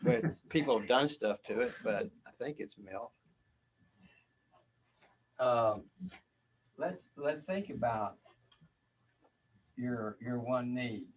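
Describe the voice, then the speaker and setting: A man's voice: medium pitch, slow, pauses often. Rambling man giving a spiritual talk. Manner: rambling, repeats words, chuckles often. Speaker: spiritual teacher.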